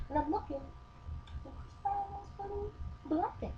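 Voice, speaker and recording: A woman's voice: high-pitched, sing-song, brisk, pauses often. Mocking, storytelling young-sounding woman. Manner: storytelling, mocking, acts out quotes. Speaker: vlogger. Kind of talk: casual opinion chat. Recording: dull lo-fi webcam sound with faint hiss.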